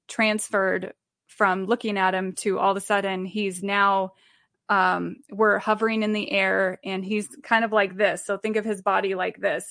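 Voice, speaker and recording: A woman's voice: mid-range voice, creaky, fairly bright tone, dry recording, studio quality. A woman guest telling her faith testimony in an earnest, rambling way, with many fillers and restarts. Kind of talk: sharing a personal faith testimony.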